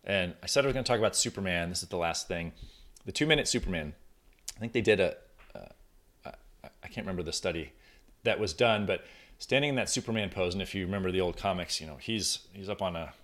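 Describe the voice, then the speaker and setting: A man with a deep, low-pitched voice hosts a solo podcast and speaks to his listeners in a loose, conversational way. He often restarts and corrects himself in the middle of a thought, as if thinking aloud at his desk. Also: quick pace, a bit bright. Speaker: podcast host. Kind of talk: casual solo podcast talk. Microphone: recording on camera at desk.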